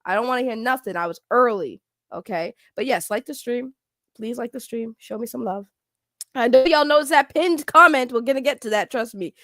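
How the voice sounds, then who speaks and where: A woman's voice: fairly high pitch, brisk, fairly bright tone, dry recording, clean studio sound. A woman streamer chatting casually, greeting chat and joking at herself. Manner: chatty, self-mocking, greets chat by name.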